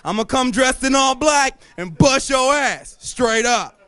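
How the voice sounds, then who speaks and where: A man's voice: extremely high pitch, expressive, unhurried, bright, forceful tone, clear, resonant tone, no room sound, faint music behind, voice pushed up, exaggerated voice. A comedian voicing a menacing man who threatens to ambush someone like a ninja, on a comedy club stage. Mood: threatening.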